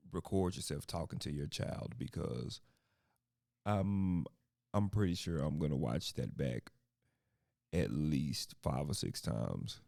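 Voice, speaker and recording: Male podcast host, thirties, low and raspy, very animated, jokey and chatty. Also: dry recording, clean studio sound. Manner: animated, laughing, jumps into high mocking voices. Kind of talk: casual solo podcast chat.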